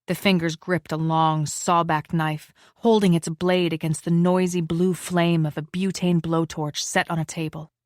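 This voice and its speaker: A woman reads a suspense novel aloud in a measured, even way, voicing each character's lines as she goes. Her voice sits on the low side. The recording is dry and close. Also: no echo. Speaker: audiobook narrator. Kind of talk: scripted narration.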